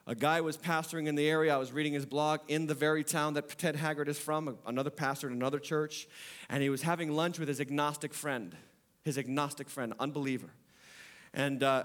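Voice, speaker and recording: A man preaching a sermon in a fairly high voice. He swings from loud, high-pitched emphasis down to hushed, low lines, and he repeats his key phrases for effect. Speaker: pastor.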